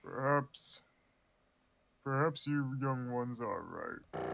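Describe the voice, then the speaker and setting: A man doing a gravelly, slow card king. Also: mid-range voice, expressive, a bit bright, a little hiss or hum, full character voice. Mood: weary. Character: menacing male king of cards, weary tyrant. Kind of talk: fan voice-over of game dialogue.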